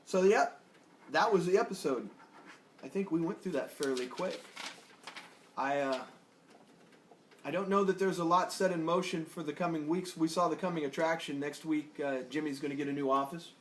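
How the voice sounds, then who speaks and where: A laid-back man co-hosting a casual TV review, rambling along with easy jokes. His voice sits a bit high for a man. The room is echoey, with a faint hiss underneath. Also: normal speed, pauses often. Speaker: podcast co-host.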